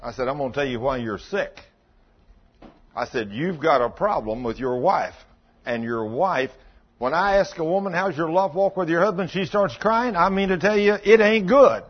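A man's voice: fairly high pitch, animated, normal speed, husky, muffled recording. A man preaching a sermon in a folksy storytelling way, acting out both sides of past conversations. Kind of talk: sermon with acted-out dialogue.

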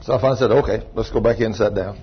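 A man preaching a sermon, telling a long rambling story in a folksy way and breaking into shouts of praise. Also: fairly low pitch, rapid-fire, a little hiss or hum. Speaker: pastor. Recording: muffled lo-fi recording.

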